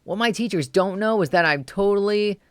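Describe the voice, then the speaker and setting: A streamer voicing a young boy reading an excited diary entry aloud, in a loud, gushing voice. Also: medium pitch, normal speed, clear, resonant tone, dry recording, voice pushed up, lightly acted.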